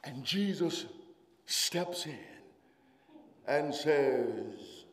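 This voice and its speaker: A man preaching a sermon, rising into shouted, sung-out passages before apologizing and calming down. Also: fairly high pitch, extremely slow. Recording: hall reverb.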